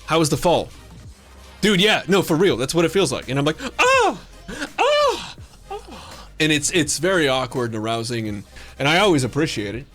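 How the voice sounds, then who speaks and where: Animated, jokey man streaming. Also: a little high, quick pace. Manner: jokey, rambling, playfully flirtatious banter. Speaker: live game streamer. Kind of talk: casual chat with stream viewers. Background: faint background music.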